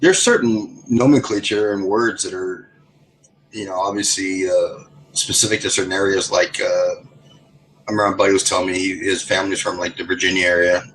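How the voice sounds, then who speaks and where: A man's voice: sits low, fairly even intonation, moderate pace, fairly bright tone, slight background noise, low-quality recording. A man chatting casually in an online voice lobby, rambling through stories with many restarts. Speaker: voice chat participant.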